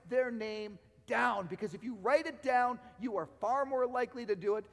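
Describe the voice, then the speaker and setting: Male preacher, high-pitched, rhetorical build-ups, voice fraying, hall reverb. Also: moderate pace, vocal fry, faint music behind. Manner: rhetorical, repeats phrases, swings from loud to quiet. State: losing his voice. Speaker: pastor. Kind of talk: sermon. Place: church sanctuary.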